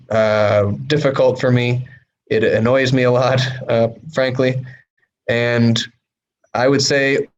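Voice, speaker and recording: A man explains English mistakes in a casual, plain-spoken lesson. His voice sits at an ordinary middle pitch and is direct, loose and unscripted. A faint hiss of background noise runs under the recording. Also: low-quality recording. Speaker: English teacher.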